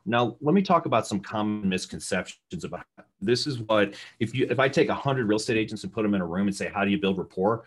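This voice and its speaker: Loud, husky-voiced male sales trainer. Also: fairly low pitch. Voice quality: loud talker. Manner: energetic, conversational, asks the room questions. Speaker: real estate sales trainer. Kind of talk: live seminar teaching.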